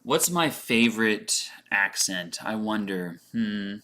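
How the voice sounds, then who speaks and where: A man's voice: fairly low pitch, animated, takes it slowly, sharp tone, slight background noise. A man teaching English on a casual livestream, thinking aloud as he answers chat questions with lots of fillers and repeated words.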